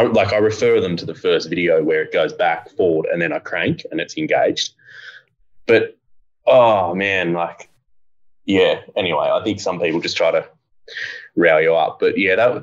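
A man's voice: sits low, fairly quick, muffled recording. A man talking casually on a podcast, rambling and laid-back with casual swearing. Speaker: co-host, bike part designer.

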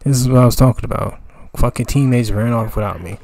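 A man's voice: mid-range voice, fast talker, vocal fry, darkish tone. A young man giving profane, exasperated commentary over his gameplay, ranting about his teammates. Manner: exasperated, ranting, heavy swearing. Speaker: gaming channel commentator.

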